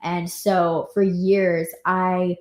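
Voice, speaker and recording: A woman working as a parenting coach, talking casually to the camera and often pausing to rephrase her thoughts with fillers. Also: fairly low pitch, little pitch movement, darkish tone. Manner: conversational, with many fillers and restarts. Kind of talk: casual reflective talk to camera. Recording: echoey room.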